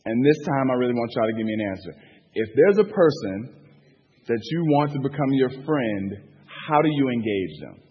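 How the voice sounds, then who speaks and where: A man's voice: mid-range voice, expressive, normal speed, breathy edge. A man leading a Bible study in a casual, filler-heavy way, asking the group for answers. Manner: loose, filler-heavy talk, asks the room for answers. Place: hall with a group. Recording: dull echoey hall recording.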